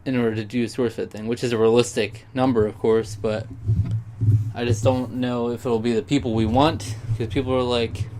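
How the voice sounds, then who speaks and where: A man's voice: medium pitch, flat delivery, normal speed, darkish tone, a little hiss or hum. Rambling young man vlogging. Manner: rambling, sidetracked, heartfelt. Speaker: YouTuber. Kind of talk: casual vlog monologue.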